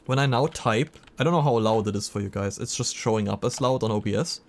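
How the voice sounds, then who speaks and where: A man's voice: on the low side, fast. A man streaming live, chatting casually and reacting to messages from his chat.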